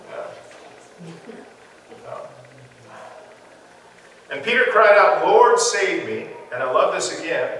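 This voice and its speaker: Bright-voiced man teaching in an echoey hall. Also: fairly high pitch, recorded from a distance, a little hiss or hum. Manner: conversational, quizzing his listeners and laughing along. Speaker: Bible study teacher. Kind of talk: interactive Bible study teaching. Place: church hall.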